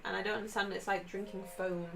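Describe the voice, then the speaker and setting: A woman's voice: mid-range voice, little pitch movement, quick pace, gravelly, fairly bright tone, poor audio. A woman co-hosting a gaming video, chatting and telling stories with frequent laughs. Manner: chatty, giggly storyteller. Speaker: co-host. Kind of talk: casual chat.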